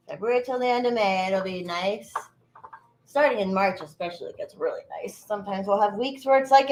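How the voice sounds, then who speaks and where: A woman's voice: mid-range voice, a little hiss or hum. A woman in her thirties chatting casually while baking in her kitchen, answering her live chat by name and swearing freely. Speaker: livestream host. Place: home kitchen.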